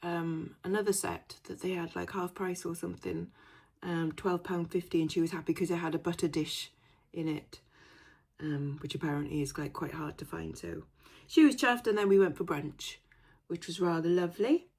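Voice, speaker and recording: A woman's voice: fairly low pitch, moderate pace, gravelly, a little mellow, breathy edge. A young woman chatting casually to camera in a rambling vlog, full of fillers and asides. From Wales. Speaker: resale vlogger.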